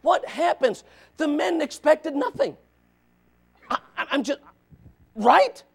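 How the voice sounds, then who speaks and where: High gravelly-voiced preacher man. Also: sing-song, slow pace. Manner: swings from shouting to hushed softness; stammering restarts. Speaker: pastor. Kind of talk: sermon.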